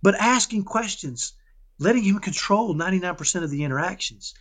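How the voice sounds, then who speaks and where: A man talking casually in an interview about raising his son, animated and often checking in with "right?". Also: sits high, a little fast. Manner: animated, keeps asking "right?"; acts out dialogues with his son. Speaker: parenting guest.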